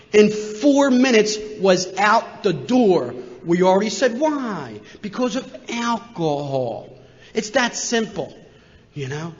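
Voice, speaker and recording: A man in his sixties from Philadelphia, telling a humorous personal story as a recovery meeting speaker, animated and acting out the voices of people in it. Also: high voice. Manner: animated, jokey, acts out voices. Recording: muffled, long hall reverb.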